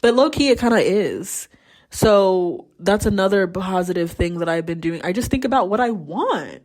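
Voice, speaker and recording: A woman's voice: mid-range voice, animated, normal speed, a little mellow. A young adult woman hosting a podcast, talking candidly in a casual solo monologue and swearing freely. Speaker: podcast host.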